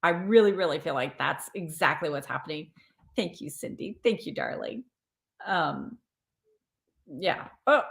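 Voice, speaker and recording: A woman's voice: deep voice, animated, unhurried, creaky, long pauses, fairly bright tone, echoey room. A woman hosting a live card reading, chatting and encouraging viewers by name. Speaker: tarot reader and live stream host.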